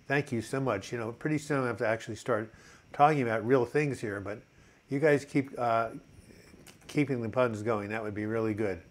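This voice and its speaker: A man's voice: mid-range voice, a little fast. An older man hosting a casual live chat, upbeat and chatty as he reads out viewer comments, with plenty of fillers. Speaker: host of a mental health live chat.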